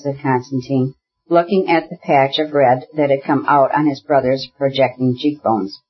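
A narrator reading a classic novel aloud in a steady, measured way. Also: mid-range voice, breathy edge, muffled recording. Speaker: audiobook narrator.

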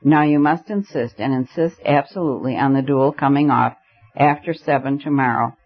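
A man reading an audiobook, voicing a reckless, tipsy young gentleman who picks a quarrel in mock earnest. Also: moderate pace, breathy edge. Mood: urgent. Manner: mock-earnest, then low and urgent. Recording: dull lo-fi recording.

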